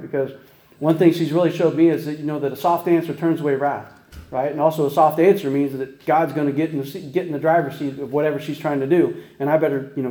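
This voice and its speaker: Fast-talking folksy male preacher, roomy sound. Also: on the high side, warm tone. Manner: folksy, chatty, many restarts and rhetorical "right?". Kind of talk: casual sermon.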